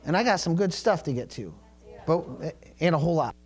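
Middle-aged man, pastor, chatty sermon, story-driven, slightly high voice. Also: animated, normal speed, a little mellow. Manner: conversational storytelling preaching with asides.

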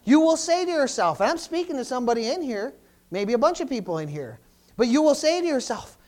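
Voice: high voice, big pitch swings, fairly quick, darkish tone. A pastor preaching a sermon to a congregation in church, often restarting phrases and calling out "amen?" and "praise the Lord".

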